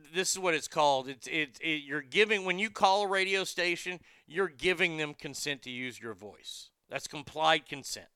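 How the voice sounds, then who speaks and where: A man in his fifties hosting a show, chatting casually and bluntly, telling animated stories and acting out callers' voices. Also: medium pitch, clear, resonant tone, no echo, clean studio sound. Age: 50s. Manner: blunt and profane. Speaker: show host. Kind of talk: casual chat reading viewer comments.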